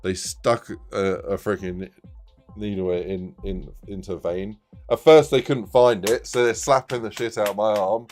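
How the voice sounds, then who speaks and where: A man's voice: fairly low pitch, steady tone, a little slow, a little mellow, soft background music. A man in his thirties, casually telling a rambling anecdote on a live stream, laughing often.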